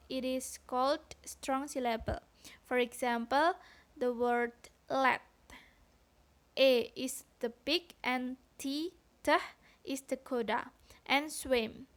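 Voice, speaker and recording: A woman giving a read-aloud lesson on phonetics. She explains carefully and deliberately, sounding out example syllables. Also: high voice. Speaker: student presenter.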